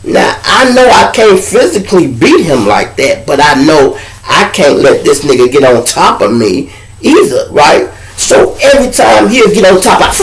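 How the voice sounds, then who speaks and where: A man's voice: high voice, creaky. A man hosting a live show, telling a story casually to viewers and acting out every voice in the exchange. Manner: animated, acts out voices in dialogue, heavy profanity. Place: at home with a lamp nearby.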